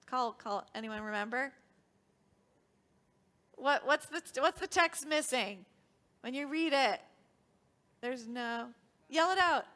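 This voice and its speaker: Woman, high bright voice, cheerful teacherly tone, quizzes children, synagogue service, faint music. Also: expressive, takes it slowly, pauses often. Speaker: song leader teaching children. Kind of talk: children's worship service instruction. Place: synagogue sanctuary.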